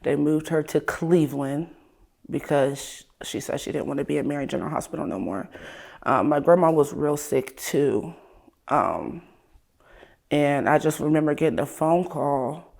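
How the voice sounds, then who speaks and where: Gravelly-voiced woman telling her story. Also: low voice, animated, normal speed. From Ohio. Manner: candid, casual, drifting into a soft trailing voice. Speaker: guest. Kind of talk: emotional personal interview.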